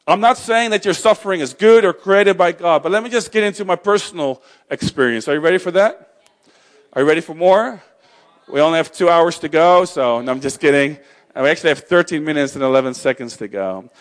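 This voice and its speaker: A man's voice: a little high, fairly quick. Chatty man giving a faith talk. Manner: conversational, self-interrupting, joking asides.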